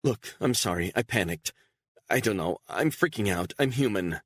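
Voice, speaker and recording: A man playing a frightened woman on the run, her voice raised and shrill with panic. She swings between pleading and fury in an audiobook thriller. The sound is dry and close. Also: lively intonation, fairly quick, husky, no echo. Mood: anxious.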